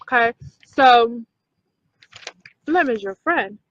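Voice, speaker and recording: Emphatic high-voiced woman, slow talk. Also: expressive, a bit bright, muffled recording. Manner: emphatic, repeats herself, asks "okay?". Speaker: video host. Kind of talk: casual talk to viewers.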